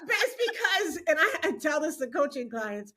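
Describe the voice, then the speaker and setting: A woman's voice: high-pitched, big pitch swings, moderate pace, bright, forceful tone. A middle-aged woman, a motivational speaker, talking expressively on a faith podcast, laughing often and preaching her points. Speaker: guest speaker. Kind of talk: animated podcast conversation.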